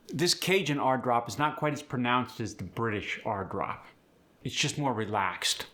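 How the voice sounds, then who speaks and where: A man coaching pronunciation in a clear, upbeat, instructive manner. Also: mid-range voice, moderate pace, a bit bright. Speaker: accent coach. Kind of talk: pronunciation tutorial.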